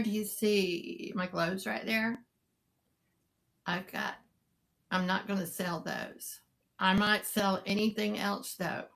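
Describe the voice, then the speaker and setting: A woman's voice: medium pitch, creaky, fairly bright tone. A middle-aged woman, chatting casually and rambling to live viewers, greeting them by name. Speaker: live-sale seller and vlogger.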